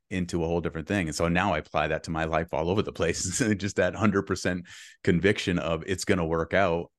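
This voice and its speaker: Deep-voiced man recounting a health scare. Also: no echo, studio quality. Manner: earnest, reflective, with short laughs. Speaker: podcast guest. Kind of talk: conversational storytelling.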